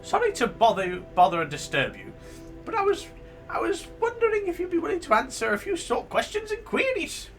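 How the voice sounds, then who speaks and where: A man voicing an overly polite male alien passenger in a shrill, squeaky falsetto, fussy and formal, doubling his words. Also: huge pitch swings, brisk, fairly bright tone, far from the mic, heavily acted. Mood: prissy, inquisitive. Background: game music.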